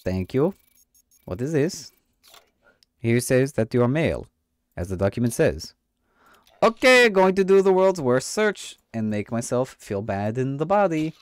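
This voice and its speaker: A game streamer clowns around as a pretend official inspector, using an exaggerated foreign accent and swearing, all for comedic let's play commentary. His mid-range voice is sing-song and a little slow, with frequent pauses and no echo.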